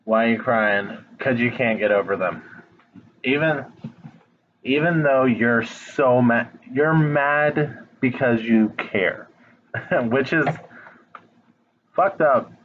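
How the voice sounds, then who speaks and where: A man's voice: mid-range voice, slow, pauses often, phone-quality sound, a little hiss or hum. A man giving a casual tarot reading straight to the viewer, blunt and frank, swearing now and then. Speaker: tarot reader. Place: home, dog nearby.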